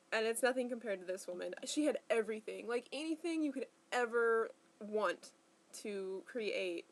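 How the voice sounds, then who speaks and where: A young woman in casual vlog talk, chatty and rambling with lots of fillers, tired and in pain. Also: fairly high pitch. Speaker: vlogger.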